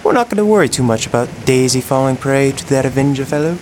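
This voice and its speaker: A man's voice: medium pitch, lively intonation, quick pace, noisy background, lightly acted. An actor playing a cheerful husband in a radio drama, hearty and chatty, calling his wife "old girl". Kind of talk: 1940s radio acting.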